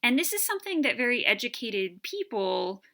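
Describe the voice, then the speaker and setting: A woman giving a recorded college lecture, explaining terms in an unhurried way with frequent ums. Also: a little high, very animated, bright, forceful tone.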